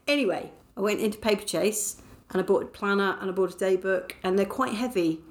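A woman's voice: mid-range voice, moderate pace. A middle-aged woman from England hosting her podcast, chatting in a casual diary style, self-mocking and laughing often. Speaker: podcast host.

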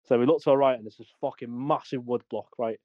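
A young man with a mid-pitched voice tells a rowdy, sweary army story on a podcast, laughing through it. The sound is dry and dull, like a lo-fi home recording. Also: quick pace, dry recording. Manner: sweary, laughing anecdote-telling. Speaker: podcast co-host. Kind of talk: casual storytelling.

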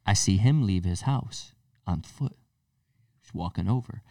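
Male podcast co-host, lively storyteller who acts out his quotes, sits back from a dry mic. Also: sits low, measured pace, no echo, recorded from a distance. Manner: animated storyteller, acts out quotes, many restarts. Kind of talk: casual storytelling chat.

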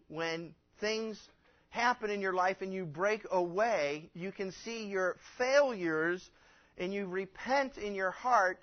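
A man's voice: high voice, muffled recording. A man preaching a sermon as pastor, earnest and growing emphatic, with frequent restarts and fillers. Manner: earnest, rising to emphatic when quoting scripture.

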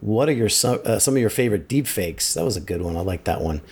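A man's voice: on the low side, animated, fast talker, a little mellow, breathy edge. A man co-hosting a tech podcast, enthusiastically recommending tools and films. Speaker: podcast co-host. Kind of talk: casual tech podcast chat.

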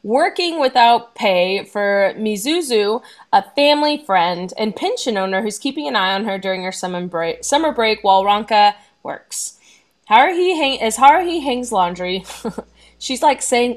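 A woman's voice: on the high side, expressive, normal speed. A woman casually reading out and chatting over an anime episode recap on a video call, laughing often and tripping over words. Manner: reads a summary, laughs often, stumbles on words. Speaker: podcast co-host recapping an anime.

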